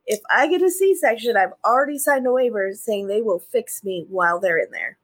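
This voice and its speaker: A young pregnant woman co-hosting a casual podcast chat, blunt and expressive, swearing freely. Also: fairly high pitch, normal speed. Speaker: podcast co-host.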